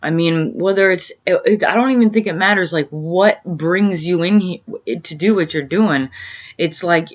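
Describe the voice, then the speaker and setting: A woman's voice: on the low side, normal speed. A woman at home talking casually in a meandering, earnest way, full of fillers and restarts as she searches for words. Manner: earnest, introspective musing. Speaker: vlogger sharing spiritual experiences. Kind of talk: casual rambling monologue. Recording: muffled lo-fi audio.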